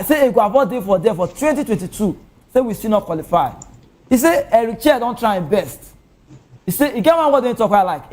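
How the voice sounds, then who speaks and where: A man with a Nigerian Pidgin accent hosting a casual commentary show, talking with animated rhetorical questions. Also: very high-pitched. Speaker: show host.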